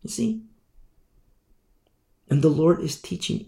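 A man's voice: on the high side, very animated, moderate pace, vocal fry, long pauses. A man preaching a Bible teaching in a conversational way, acting out little scenes as he goes. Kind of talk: sermon. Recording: echoey room.

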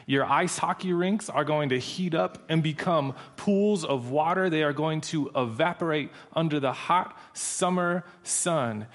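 A man's voice: on the high side, a little slow, few pauses, big-room sound. Man doing a doom-preaching chaplain, scolding, drawling rant.

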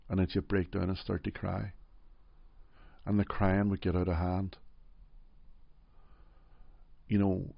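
Deep gravelly Derry man, reflective. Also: dry recording, lo-fi sound. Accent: Derry, Northern Irish. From Northern Ireland. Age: middle-aged. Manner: gentle, reflective, frequent "you know". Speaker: interview guest. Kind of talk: personal storytelling in an interview.

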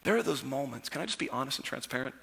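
A man preaching a sermon as pastor, talking conversationally and moving between lively storytelling and quiet, personal asides. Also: medium pitch, rapid-fire, gravelly, husky. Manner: conversational preaching, swinging from loud storytelling to hushed intimacy. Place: church sanctuary. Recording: church sanctuary with long reverb.

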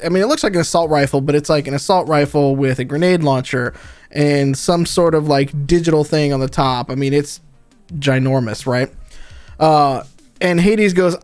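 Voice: medium pitch, a little mellow, no room sound. A game master narrating a tabletop game, loose and rambling with lots of fillers.

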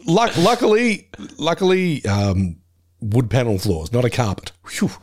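Male co-host, laughs often, rambling anecdotes, lively up-and-down pitch. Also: a little slow. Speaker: podcast co-host. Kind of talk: casual chat.

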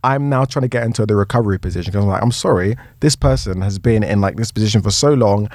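A young man with a British accent telling a story in a casual chat, animated and laughing often as he acts out other people's voices. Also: fairly low pitch, fast, dry recording, studio quality. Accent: British English.

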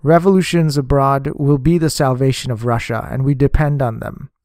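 A man's voice: mid-range voice, fairly even intonation, moderate pace, a little mellow, dry recording, clean studio sound, natural voice. A man reading a hot-tempered communist official. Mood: insistent. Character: insistent, irritable male communist official.

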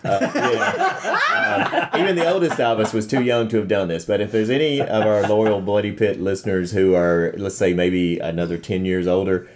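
A man's voice: lowish voice, very animated, normal speed, background noise. A man co-hosting a podcast, eager and rambling as he talks to listeners. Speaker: podcast co-host. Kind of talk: casual podcast chat.

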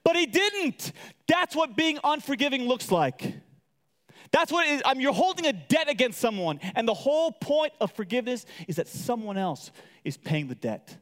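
Male pastor, high voice, very lively delivery, long hall echo. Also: moderate pace. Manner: animated, acts out quotes with big pitch jumps. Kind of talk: sermon. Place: large hall with audience.

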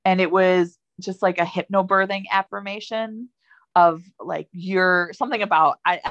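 Guest: young woman, low gravelly voice, chatty storyteller, dry dull lo-fi recording. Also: moderate pace, dry recording. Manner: chatty, many fillers, lively when quoting herself. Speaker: podcast guest. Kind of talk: casual personal storytelling.

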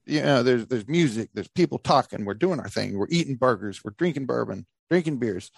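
Animated man telling a story on a podcast. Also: a little fast, creaky, breathy edge, no echo. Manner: animated, acts out quoted voices in a high pitch. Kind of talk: casual storytelling chat.

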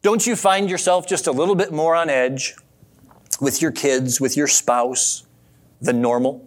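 A man preaching a sermon in a relaxed, conversational way, telling a story and asking his listeners questions. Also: a little high, unhurried. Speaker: pastor.

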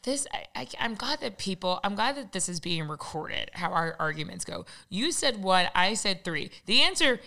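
A woman's voice: mid-range voice, sing-song, moderate pace, creaky, hardly any pauses, pushed and bright. A woman co-hosting a podcast in casual chat, teasing her co-host and laughing often.

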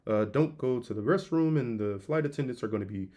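A man voicing a calm, reassuring airline pilot making a soothing, unhurried intercom announcement. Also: mid-range voice, pitched below the performer's own voice, close to an everyday voice.

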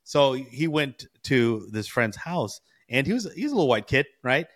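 A man's voice: mid-range voice, moderate pace. Laid-back storytelling man from California. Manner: animated storyteller, slangy with bro and you know. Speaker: podcast co-host. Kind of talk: casual chat.

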